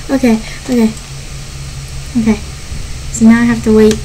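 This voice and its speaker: A woman giving gameplay commentary as a channel host, excitable and panicky, often squealing and laughing. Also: on the high side, moderate pace, a little hiss or hum, poor audio.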